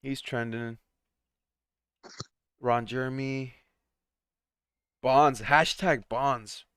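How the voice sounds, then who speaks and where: A man's voice: medium pitch, fairly even intonation, extremely slow, a bit bright, smooth, no room sound, clean studio sound. A man hosting a casual stock-market livestream, chatting with co-hosts and reading out viewer comments and trending topics. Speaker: livestream host.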